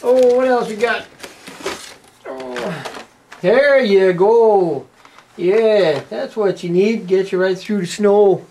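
A man's voice: high-pitched, takes it slowly, gravelly, noisy background. A man with a Canadian accent giving casual, rambling unboxing commentary, tagging his lines with "eh" and plenty of "uh". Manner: folksy, rambling, tags lines with "eh". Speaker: toy unboxing presenter.

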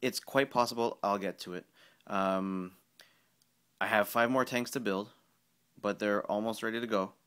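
A man's voice: fairly low pitch, fairly even intonation, normal speed, pauses often, a bit bright, clean tone. A man giving a casual, rambling hobby update full of ums and restarts. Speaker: miniatures hobby vlogger.

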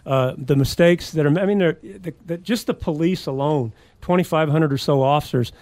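A man's voice: a little high, moderate pace, a little mellow, no room sound. A man talking as a sheriff candidate on a radio talk show, speaking earnestly in a campaign style with frequent restarts and fillers.

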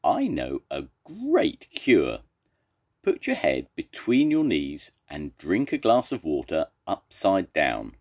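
A man's voice: wildly swooping pitch, takes it slowly, a little mellow, dry recording, studio quality, full character voice. An older man doing a squealy cheery Miss Pig. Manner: squealing high, sing-song calls. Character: cheery female pig, eager and bossy.

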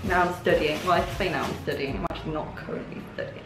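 A young woman vlogger chatting excitedly while unboxing gifts, gushing often, her voice a little hoarse. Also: sits low, fast, roomy sound. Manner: excitable, gushing, many oh my gods. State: voice going hoarse. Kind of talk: casual unboxing chat.

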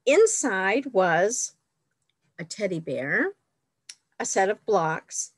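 A woman in her thirties reading a children's picture book aloud, slowly and expressively. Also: fairly high pitch, no echo. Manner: expressive, slow and clear for children. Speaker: children's storyteller.

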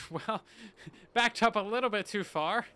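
During a gameplay livestream, a male streamer talks playfully to his audience, with occasional mock panic. He speaks slowly in a high, bright, forceful voice, and faint music plays in the background.

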